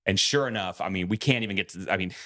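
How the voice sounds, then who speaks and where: A man's voice: sits low, very fast, bright, forceful tone. A man co-hosting a podcast, telling a story in a casual way, acting out quoted lines and swearing freely. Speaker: podcast co-host.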